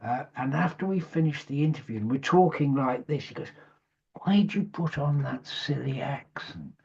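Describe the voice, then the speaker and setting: A man's voice: mid-range voice, normal speed, creaky, a little mellow, slightly rough. A middle-aged man, a former radio DJ, telling rambling, sweary anecdotes in a casual interview. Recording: muffled lo-fi sound.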